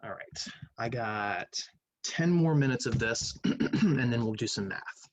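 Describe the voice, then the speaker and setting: A male math teacher talks through quiz questions in a relaxed, conversational way, musing aloud as he weighs each answer. His voice sits at an ordinary middle pitch. The sound is dry and close, with no room echo. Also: slow, dull audio. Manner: conversational, thinking aloud, hums while reading. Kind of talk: recorded online lecture going over quiz questions.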